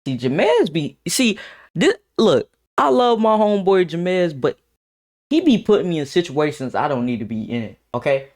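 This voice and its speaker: A young man streamer telling a casual storytime to his chat in an animated, slangy way, often repeating words. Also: a little high, normal speed.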